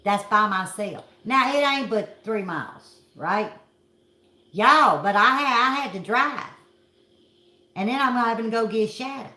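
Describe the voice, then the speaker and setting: A woman's voice: a little high, expressive, measured pace, bright, forceful tone, reverberant. A middle-aged woman from Kentucky with a Southern accent, telling a story to her viewers in a folksy, dramatic way. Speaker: vlog host.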